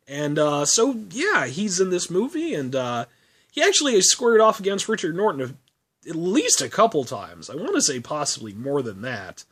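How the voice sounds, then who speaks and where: A man's voice: on the high side, a bit bright. A man reviewing a film in a casual vlog, rambling, laughing often and swearing.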